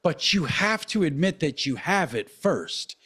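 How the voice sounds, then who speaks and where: Podcast guy in his 30s, swears a ton, rambles, gets animated telling stories. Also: a little high, measured pace, husky. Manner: profane, rambling, animated storytelling. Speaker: podcast co-host. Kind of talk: casual chat.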